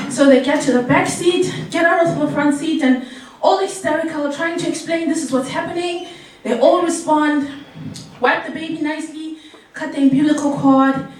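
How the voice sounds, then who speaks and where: Brief: woman storyteller, high voice, animated, laughs a lot, echoey hall mic from afar. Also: distant mic. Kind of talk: live storytelling on stage. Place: live event venue.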